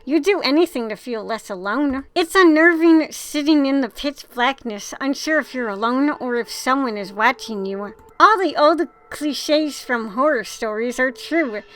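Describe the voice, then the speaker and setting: A woman with a high voice reads a text adventure game aloud. She reads expressively and swears now and then as she plays. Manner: expressive reading with casual swearing. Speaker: gamer.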